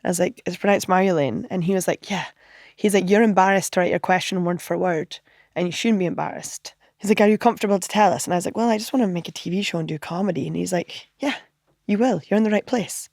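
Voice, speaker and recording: A woman comedian telling animated anecdotes in a podcast interview, acting out other people's lines and laughing often. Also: fairly low pitch, fast, vocal fry, no echo, studio quality. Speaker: comedian guest.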